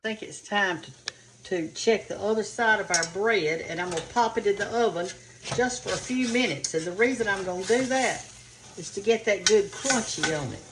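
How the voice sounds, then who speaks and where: A woman's voice: mid-range voice, normal speed. Folksy older Southern woman cooking at home. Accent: Southern American. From American South. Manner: folksy, homey, talks to viewers as y'all and honey. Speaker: cooking show host. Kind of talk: chatty home cooking demonstration. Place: home kitchen. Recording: kitchen noise behind voice. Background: frying and sizzling of cooking.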